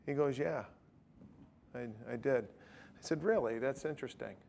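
A man's voice: medium pitch, a little slow, gravelly, darkish tone, a little hiss or hum. A middle-aged man preaching, telling a story conversationally and acting out both sides of a dialogue. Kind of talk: sermon with retold street-evangelism story.

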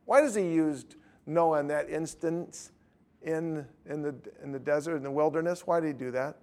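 A man teaching a Bible study who reads scripture aloud and talks haltingly, with many restarts. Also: fairly high pitch, darkish tone.

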